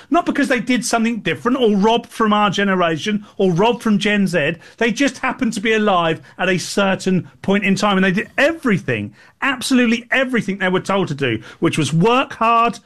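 A man's voice: sits high, a bit bright. A British man co-hosting a political talk show, ranting indignantly about government policy. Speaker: co-host. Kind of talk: political opinion chat.

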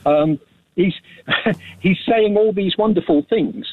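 A man's voice: sits high, takes it slowly. A man calling in to a radio phone-in who hesitates with fillers but states his opinions firmly. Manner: hesitant with many ums, then firm opinions. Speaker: caller. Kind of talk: phone-in call. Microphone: telephone. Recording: tinny phone line.

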